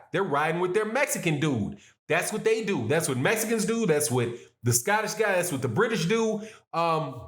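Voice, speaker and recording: A man's voice: high voice, fairly bright tone. A man giving solo boxing commentary in a casual, conversational way, often restarting phrases and checking in with "right?". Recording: roomy echo.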